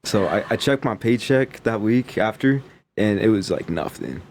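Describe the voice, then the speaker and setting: A man's voice: on the low side, slight background noise. A young man co-hosting a faith podcast, talking casually with frequent fillers and restarts. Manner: relaxed, halting with many fillers. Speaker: podcast co-host. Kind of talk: casual chat.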